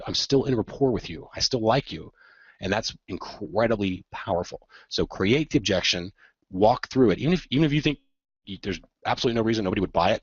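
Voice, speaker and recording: A man's voice: deep voice, husky, no room sound, lo-fi sound. A man hosting a casual marketing talk, explaining in a conversational way with frequent restarts and acted-out asides. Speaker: host.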